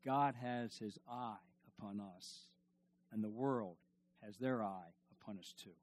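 A male pastor preaching a sermon emphatically, repeating his questions and swinging from loud to hushed. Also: on the low side, measured pace.

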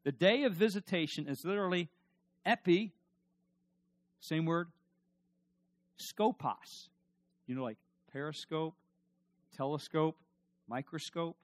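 A man's voice: on the high side, animated, unhurried, pauses often, dry recording. Emphatic male preacher, dry sound. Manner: emphatic, repeats questions, swings from loud to hushed. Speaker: pastor. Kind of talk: sermon.

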